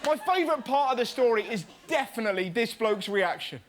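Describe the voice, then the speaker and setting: Male comedy host, very high voice, cheeky stand-up delivery, loud studio audience. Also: lively intonation, fairly quick, a loud crowd. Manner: cheeky, mock-outraged. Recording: studio audience laughter, noisy.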